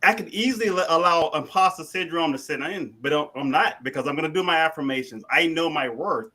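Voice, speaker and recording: A man talking as a guest speaker on a panel show, energetic and often tagging "right?" onto his points. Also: fairly high pitch, a little fast, rough recording. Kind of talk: casual panel talk.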